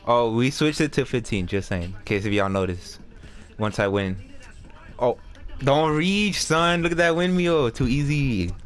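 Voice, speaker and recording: A man giving casual, excitable commentary while playing a basketball video game, swearing and trash-talking. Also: medium pitch. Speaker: gameplay commentator.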